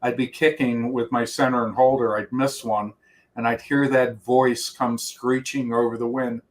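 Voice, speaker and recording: A middle-aged man of ordinary, mid-range pitch telling long stories as an interview guest. He rambles, restarts sentences and jumps around between memories. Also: level tone, normal speed. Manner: rambling storyteller with many restarts and quoted voices. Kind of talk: reminiscing interview talk.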